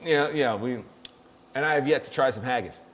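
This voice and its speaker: A man's voice: medium pitch, brisk, fairly bright tone, a little hiss or hum. A man hosting a show, chatting casually and jokily, rambling and laughing often. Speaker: show host. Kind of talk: casual comedic chat.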